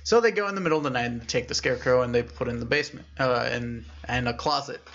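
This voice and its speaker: A young man co-hosting a podcast, casually retelling a scary story and voicing its characters with lively shifts in pitch. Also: quick pace, lo-fi sound. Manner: animated storyteller, acts out characters with raised pitch. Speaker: podcast co-host.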